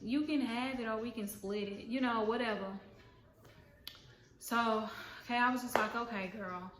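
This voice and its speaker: A young woman telling a casual storytime, animated and slangy, acting out what people said. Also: fairly high pitch, moderate pace. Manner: animated, slangy, acts out quotes. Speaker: vlogger. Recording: echoey room, faint background noise.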